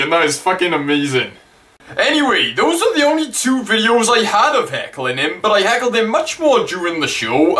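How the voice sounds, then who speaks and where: Brief: young vlogger, fairly high voice, excitable fan telling a story. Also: male voice. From Wales. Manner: excitable, sweary, gushing fan. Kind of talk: casual storytelling to camera.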